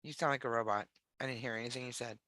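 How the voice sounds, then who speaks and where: The voice is a chatty livestream host at an even, middle pitch, easygoing and quick to laugh. Talk wanders into fillers and restarts. The sound is close and dry, with no room around it. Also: no room sound. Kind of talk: casual livestream chat.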